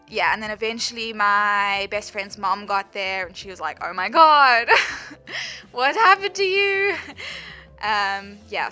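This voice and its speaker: A young woman with a bright, clear voice, telling a personal story in a loose, chatty way. She fills her sentences with "like" and laughs easily as she goes. Soft music plays faintly underneath. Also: medium pitch. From South Africa. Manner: chatty, lots of "like", laughs often while telling. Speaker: vlogger. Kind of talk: storytime voice-over. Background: faint background music.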